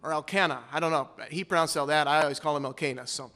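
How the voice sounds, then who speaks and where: A man's voice: fairly high pitch, steady tone, rapid-fire, sharp tone. A man pastor hosting a playful Bible trivia game at a church service, teasing the congregation before introducing guests.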